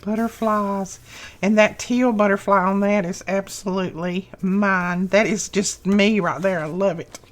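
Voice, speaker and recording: Middle-aged woman, craft vlog host, unhurried delivery, effusive, gushing over every item. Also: mid-range voice, fairly even intonation. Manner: slow, lingering delivery. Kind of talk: unboxing happy mail.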